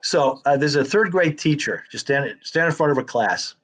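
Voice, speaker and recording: A man, a comedian guest, chatting casually and telling jokes as a quick, self-deprecating storyteller. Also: on the high side, lively intonation, fairly bright tone.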